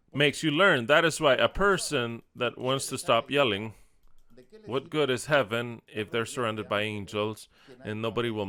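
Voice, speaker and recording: A man's voice: medium pitch, pushed and bright. A man preaching an informal sermon in a conversational way, often acting out what people say. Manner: conversational, acts out quoted speech with repeated lines.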